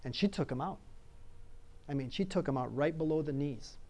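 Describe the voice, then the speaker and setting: A man's voice: fairly high pitch, moderate pace, darkish tone. A pastor preaching a conversational sermon, emphatic and repeating phrases as he asks his listeners "all right?".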